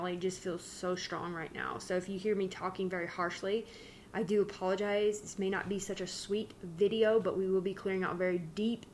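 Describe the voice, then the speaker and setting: A woman's voice: mid-range voice, a little hiss or hum. A woman talking casually and candidly as a spiritual channeler, rambling and breaking off her own sentences. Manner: candid, rambling, self-interrupting.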